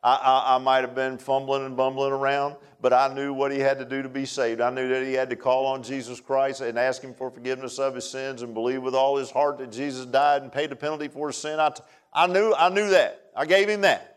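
A man, preaching a sermon in a folksy way, dropping to hushed asides and rising to loud emphatic lines. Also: medium pitch, level tone, a little fast, clear, resonant tone. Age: 60s. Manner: folksy, repeats phrases, calls listeners "man". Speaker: pastor.

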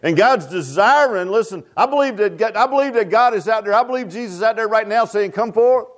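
A man's voice: sits high, animated, quick pace. An older man preaching a fervent revival sermon, folksy and repetitive, often tossing out "huh?" to the congregation. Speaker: pastor.

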